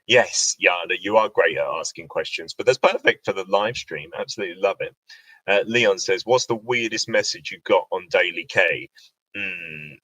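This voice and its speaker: Low-voiced chatty man. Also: a bit bright, no room sound, low-quality recording. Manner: chatty, reads out viewer questions. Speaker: radio host. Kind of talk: casual livestream chat. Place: indoor home livestream.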